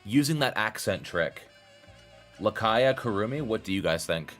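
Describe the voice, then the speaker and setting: A young man streaming a game live, chatting with his viewers and swinging from low muttering to excited exclamations. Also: normal speed, faint music behind.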